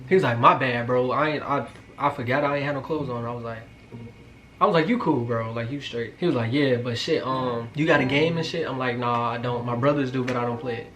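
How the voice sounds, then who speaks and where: A young man in his twenties telling a casual storytime, joking and slangy, with quick asides to his viewers. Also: mid-range voice, fairly bright tone, soft background music. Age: 20s. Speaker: vlogger.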